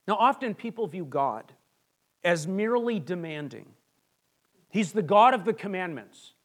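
A man preaching a sermon as pastor, earnest and conversational, often restarting his sentences and dropping to a hushed voice on key lines. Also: high-pitched.

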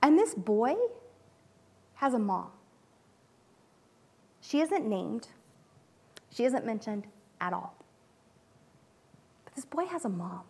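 A high-voiced woman gives a casual devotional talk as a mother speaking to a group. She talks in a chatty way, full of fillers and little restarts, and acts out the quotes she tells. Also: very animated, slow, vocal fry, pauses often, dark tone, husky.

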